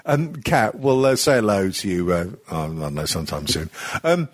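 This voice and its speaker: A man's voice: on the low side, big pitch swings, normal speed, no room sound. A man hosting a podcast, rambling and swearing freely with self-mocking humour. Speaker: podcast host. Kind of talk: casual podcast chat.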